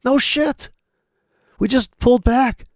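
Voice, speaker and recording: A man with a very high voice takes it slowly, giving rambling, profane, sardonic commentary over trading charts as a trading video host. He mutters asides and often laughs to himself, recorded in clean studio sound with no echo.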